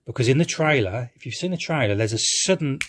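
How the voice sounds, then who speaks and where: A man's voice: mid-range voice, animated, fast, a bit bright, a little hiss or hum. A man giving a rambling, hesitant live-reaction film review, who swears casually and keeps restarting his sentences.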